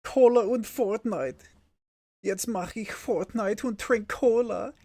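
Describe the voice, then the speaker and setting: A man's voice: sits high, slow, darkish tone, pitched above the performer's own voice, exaggerated voice. Giddy squealing German boy a man puts on. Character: silly hyper young German boy gamer. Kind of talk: comedic put-on voice on a livestream.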